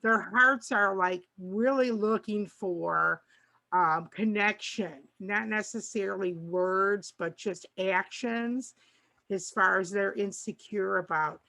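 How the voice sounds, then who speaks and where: A woman's voice: medium pitch, slow pace, vocal fry. Chatty grandmotherly woman, rambling. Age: older. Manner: rambling, warm, restarts often and acts out dialogue. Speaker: co-host. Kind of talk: casual chat.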